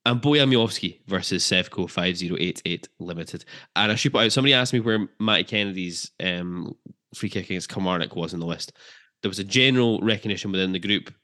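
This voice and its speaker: A man's voice: low voice, a little fast, bright, forceful tone. A man co-hosting a football podcast, chatting casually and jokily with filler ums. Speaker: podcast co-host.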